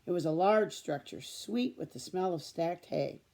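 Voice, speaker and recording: Mellow woman reading a storybook. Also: fairly low pitch, moderate pace. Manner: steady storytelling. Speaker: storybook reader. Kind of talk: reading a chapter book aloud.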